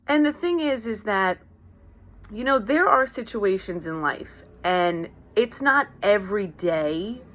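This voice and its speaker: A woman life coach talks slowly in an expressive, fairly bright medium-pitched voice, delivering a casual motivational monologue. She keeps checking in with "right?" and acts out everyday exchanges, all in a conversational manner.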